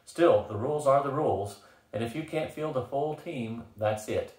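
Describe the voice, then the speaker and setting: A man's voice: medium pitch, normal speed, darkish tone, voice pushed up, close to an everyday voice. An older man voicing a firm, rule-bound male referee in a read-aloud story. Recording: roomy echo.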